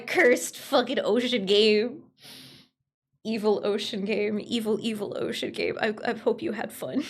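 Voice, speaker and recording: A young woman streamer chats casually with her viewers, rambling and giggling with sudden pitch jumps. Her voice has vocal fry and sounds a little strained from overuse.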